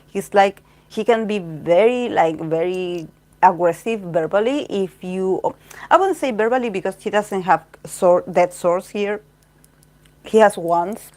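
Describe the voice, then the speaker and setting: A woman's voice: mid-range voice, darkish tone. Female tarot reader, casual and chatty, rambles through her readings with lots of fillers. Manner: rambling, heavy use of "like" and "you know".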